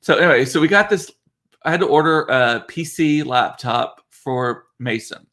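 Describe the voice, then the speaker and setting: A man's voice: fairly high pitch, normal speed, sharp tone. A man hosting a casual livestream from his home computer, chatty and laughing at himself. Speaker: livestream host, father. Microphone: computer mic.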